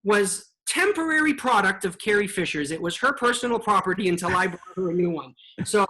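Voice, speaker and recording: A woman hosting an online show, telling a story in an animated, chatty way. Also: medium pitch, fairly quick, low-quality recording. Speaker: host. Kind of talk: casual storytelling.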